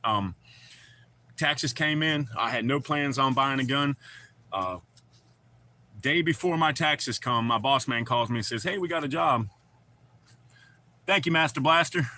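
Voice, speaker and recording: A man's voice: medium pitch, unhurried, long pauses, pushed and bright. A man hosting a casual livestream, chatting loosely and greeting viewers by name. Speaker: livestream host. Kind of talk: casual live chat reading comments.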